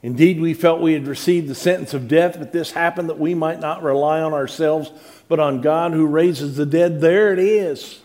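A man's voice: a little high, moderate pace, darkish tone. A middle-aged male pastor reading scripture dramatically and preaching with rising emphasis. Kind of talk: sermon.

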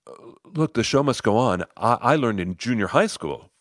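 A middle-aged man telling a personal story in an animated way, acting out the lines of other people. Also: mid-range voice, moderate pace, no echo, studio quality. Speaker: host, storyteller. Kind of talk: personal story told to listeners.

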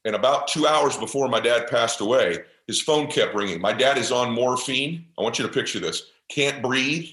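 A man's voice: medium pitch, normal speed, few pauses, a bit bright, roomy sound, rough recording. A middle-aged man and podcast guest, telling a personal story in an intense, passionate and earnest way. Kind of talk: motivational storytelling.

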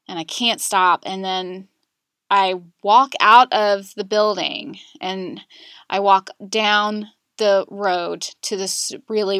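A woman guest in a podcast interview, candidly recounting a painful personal story in a halting, emotional way. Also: mid-range voice, bright, forceful tone, no room sound.

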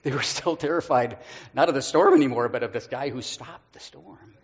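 An earnest male pastor tells a personal story from the pulpit, stumbling over his words now and then and laughing at himself. His voice sits at an ordinary pitch. The recording sounds dull and lo-fi. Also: moderate pace. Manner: earnest, self-deprecating, with stammered restarts and laughs. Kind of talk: personal testimony in a sermon.

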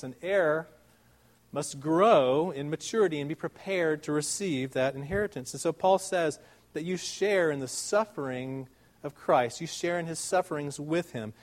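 Earnest male preacher, slightly high voice. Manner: earnest, emphatic, with swings between loud stresses and soft, drawn-out words; conversational asides, rhetorical questions. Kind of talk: sermon.

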